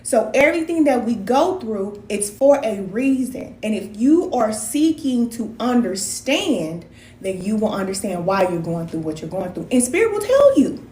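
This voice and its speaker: Hosting a casual live stream, this spiritual wellness practitioner calls her viewers cousins and talks in an animated, folksy fashion. Her voice is a little high, at a moderate pace, in a reverberant room.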